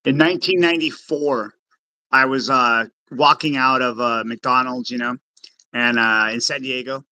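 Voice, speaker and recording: Bright-voiced man telling stories animatedly. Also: medium pitch, normal speed, no echo, rough recording. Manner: animated storyteller, acts out voices in his stories. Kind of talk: casual conversation.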